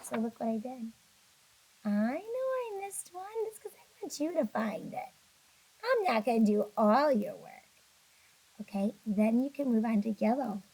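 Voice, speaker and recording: A woman's voice: a little high, animated, moderate pace, darkish tone, husky, rough recording. A woman teacher recording a video lesson for young children, patient and encouraging, a little sleepy and yawning. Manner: patient, encouraging, talks to kids directly.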